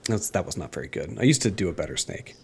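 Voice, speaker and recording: A man with a head cold and a slightly gravelly voice, co-hosting a casual podcast chat in a jokey, rambling, self-mocking way. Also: deep voice, animated, fast talker, a little hiss or hum. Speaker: podcast co-host.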